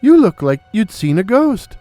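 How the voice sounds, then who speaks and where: A man voicing a sweetly sinister mother who is secretly a night floater, speaking in a quiet croon. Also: high-pitched, big pitch swings, unhurried, no room sound, soft background music, pitched above the performer's own voice.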